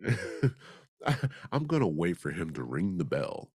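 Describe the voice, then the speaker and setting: A man's voice: low voice, sing-song, slow pace, darkish tone, slightly rough, dry recording, clean studio sound. Sarcastic man hosting comedy news. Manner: sarcastic, with wisecracking asides. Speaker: host of a comedy news show. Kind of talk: joking news commentary.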